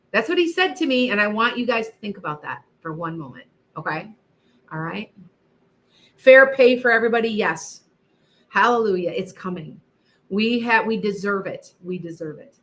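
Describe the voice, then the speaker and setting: She's a middle-aged woman at medium pitch, animated and fairly bright, talking at normal speed. On her live psychic stream she answers viewer questions emphatically, repeating herself and chatting casually with the audience.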